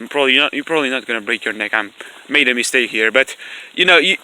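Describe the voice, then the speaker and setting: A man's voice: fairly high pitch, pushed and bright. A man vlogging outdoors into his camera in a rambling, argumentative way, repeating himself and swearing when annoyed. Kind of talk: rambling outdoor vlog rant. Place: outdoors, in the rain. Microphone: camera mic.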